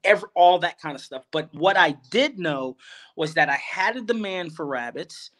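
A middle-aged man talks over a video call, his voice sitting a little high for a man. He rambles through a long story with plenty of ums and restarts. He turns animated whenever he quotes someone else. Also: moderate pace. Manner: rambling, with many fillers and restarts, animated when quoting others. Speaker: guest farmer. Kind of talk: conversational storytelling.

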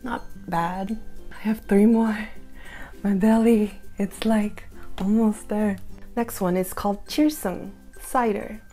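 Chill young woman doing a taste test vlog, mellow tone, soft music behind. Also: mid-range voice, steady tone, slow. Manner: chatty, thinks aloud with fillers. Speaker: food vlogger.

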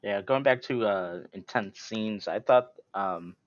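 A man co-hosting a podcast, chatting casually about a movie in a halting way and correcting himself. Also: lowish voice, no room sound. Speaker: podcast co-host. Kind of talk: casual movie-discussion chat. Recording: slightly dull lo-fi mic.

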